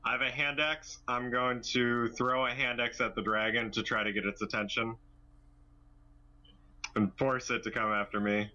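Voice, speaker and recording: A man's voice: mid-range voice, level tone, normal speed, sharp tone, dull audio. A man playing a tabletop game over a call, hesitant and joking. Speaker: player. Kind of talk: casual game chat. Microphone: computer mic, online call.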